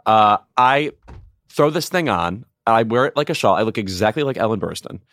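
A man's voice: on the low side, animated, moderate pace, fairly bright tone, dry recording, studio quality. A man co-hosting a podcast with wry, self-mocking humor, chatting and reading sponsor ads. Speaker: podcast co-host. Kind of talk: casual chat and read ads.

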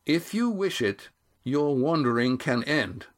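A man's voice: on the high side, animated, unhurried, voice pushed up. A man voicing a young seafaring grandson who speaks earnestly and declaims a proclamation. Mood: proclaiming.

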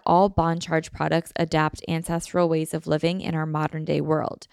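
A woman reading scripted sponsor ads in a smooth, promotional delivery. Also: lowish voice, no echo, clean studio sound. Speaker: ad reader. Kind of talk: scripted podcast ad read.

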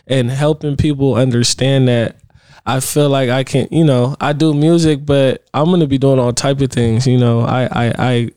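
A man, a musician guest on a podcast, talking earnestly about his goals in halting casual speech. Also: medium pitch, steady tone, a little mellow, clean tone, no room sound. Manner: earnest, halting, repeats "you know what I'm saying". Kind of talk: casual interview chat.

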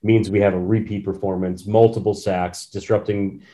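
A man's voice: fairly low pitch, flat delivery, moderate pace, warm tone. A man co-hosting a casual sports podcast, talking through the game with playful emphasis. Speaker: podcast co-host. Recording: roomy echo with faint hiss.

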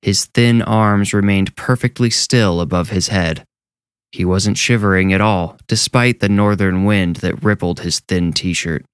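A man narrating a horror story in a measured, steady storytelling voice. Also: low-pitched, clear, resonant tone, no echo, studio quality. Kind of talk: scripted narration.

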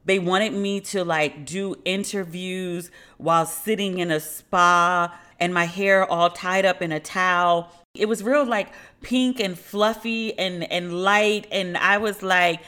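A woman's voice: on the low side, measured pace, bright, forceful tone. Sardonic woman telling a story. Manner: sardonic storytelling with mocking quoted voices. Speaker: podcast host. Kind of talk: solo commentary.

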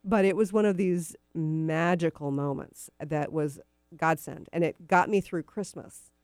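A woman's voice: sits low, steady tone, a little slow, darkish tone, clear, resonant tone, no echo, studio quality. A middle-aged woman hosting a radio talk show, telling personal stories in a chatty, meandering way with many fillers. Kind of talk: casual storytelling on talk radio.

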